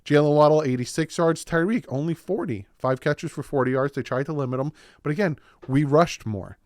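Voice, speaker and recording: A man hosting a casual football recap video, excited and winded, rattling off game stats. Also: on the high side, brisk, no echo, studio quality. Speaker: sports video host.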